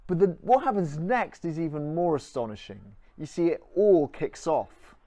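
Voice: medium pitch, moderate pace, no room sound. Conversational preacher, dry sound. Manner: conversational, animated storytelling with asides. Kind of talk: sermon.

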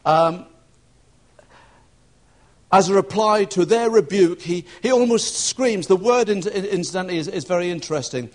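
A preacher gives a sermon told as a story, speaking at normal speed and pausing often. His voice sits fairly high for a man and climbs higher when he acts out the shouting in the scene.

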